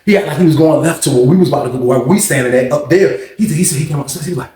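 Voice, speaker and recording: A man telling a story in a casual, animated way, acting out quotes and punch sounds. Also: a little high, racing. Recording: echoey room.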